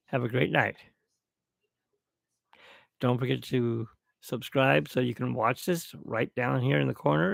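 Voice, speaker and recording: This middle-aged podcast host, recording alone at home, slowly rambles through a toast while reminiscing. The audio is close and dry without room echo, and his voice has a deep gravel and heavy fry.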